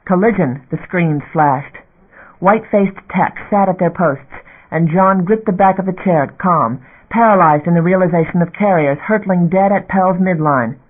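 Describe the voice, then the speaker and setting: Male audiobook narrator, fairly high voice, steady dramatic read, phone-like narrow recording. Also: moderate pace.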